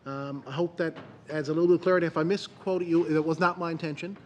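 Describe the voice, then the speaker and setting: A man, a government minister answering in committee in an earnest, halting way. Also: a little high, steady tone, slight background noise. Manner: earnest, halting, many restarts.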